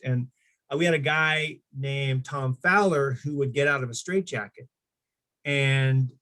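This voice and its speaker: A middle-aged man telling stories in a casual chat, animated, jumping into higher voices for the people he quotes. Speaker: guest. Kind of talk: casual storytelling.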